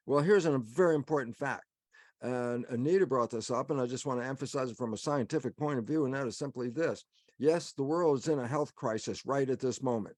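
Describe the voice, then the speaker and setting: A man's voice: medium pitch, fairly quick, darkish tone, no echo, studio quality. Emphatic man lecturing on a webinar. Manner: emphatic, asks himself questions and answers them. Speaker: guest speaker.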